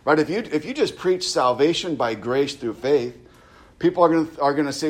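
A man teaches through a Bible passage as a pastor. His voice sits at an ordinary middle pitch, and he talks in a loose, conversational way, checking in with "right?" and circling back on his words. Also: animated, brisk. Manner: conversational, with frequent "right?" tags and restarts.

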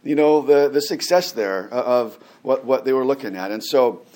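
A man preaching a Sunday sermon in a relaxed, conversational way. He drops in chatty asides and light laughs, and asks his listeners rhetorical questions. His voice sits at an everyday middle pitch. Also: normal speed. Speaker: pastor.

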